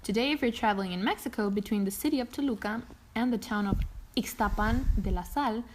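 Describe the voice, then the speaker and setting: A woman's voice: on the high side, fast, a little hiss or hum. A young woman co-hosting a casual podcast, reading a ghost story aloud and rambling, swearing and laughing along the way. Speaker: podcast co-host.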